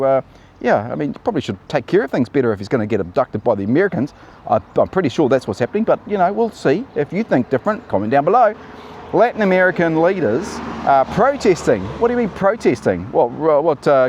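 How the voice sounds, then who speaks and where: A man's voice: mid-range voice, darkish tone, a little hiss or hum. Sardonic man talking politics. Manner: sardonic, chatty, addresses viewers as "team". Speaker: political commentary host. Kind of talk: casual political commentary.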